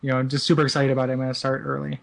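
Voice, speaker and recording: A man's voice: mid-range voice, completely flat delivery, very fast, creaky. A man co-hosting a casual podcast, enthusiastic and stumbling over repeated words. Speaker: podcast co-host.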